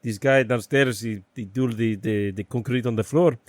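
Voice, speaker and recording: A man's voice: mid-range voice, dry recording, close to an everyday voice. Brief: blunt older Latvian laborer, Latvian accent, stumbling broken English, put on by a man. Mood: earnest. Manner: broken English, halting and repetitive.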